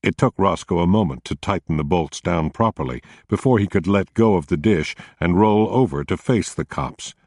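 A man narrating a story in a measured, even audiobook reading. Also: deep voice, no room sound, clean studio sound.

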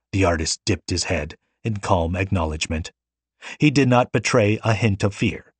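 A man narrates an audiobook in a steady, measured reading. His voice is low and husky, recorded close in a dry room. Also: no room sound.

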